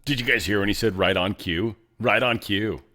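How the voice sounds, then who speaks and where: A man hosting a news commentary show, in animated, jokey talk that swings between loud remarks and soft asides. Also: fairly low pitch, moderate pace. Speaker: show host.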